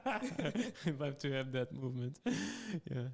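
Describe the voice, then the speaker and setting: A man's voice: on the high side, very animated, slow, vocal fry, a little mellow, husky. A man with a Russian accent hosting a comedy podcast, chatting casually, laughing often and stumbling over restarts. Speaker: podcast host.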